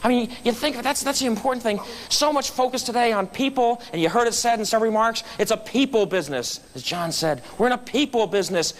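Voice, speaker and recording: A man's voice: extremely high pitch, fast talker, few pauses, a little hiss or hum. A man giving a storytelling speech at a club meeting, acting out the voices of people in his anecdotes. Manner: animated storyteller acting out quotes. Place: meeting room.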